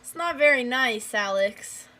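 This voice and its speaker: A young woman streaming chess, chatting casually and teasing with quick interjections. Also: a little high, expressive, a crowd in the background. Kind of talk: casual chat while playing chess.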